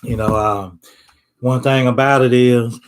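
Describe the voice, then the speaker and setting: A man's voice: medium pitch, fairly even intonation, a little slow, slight background noise. A man in a mid-range voice riffing on a casual sports monologue. He rambles, circles back, and leans on fillers. His phrasing is loose and conversational. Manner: rambling, lots of fillers, Southern dialect phrasing. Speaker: sports commentator.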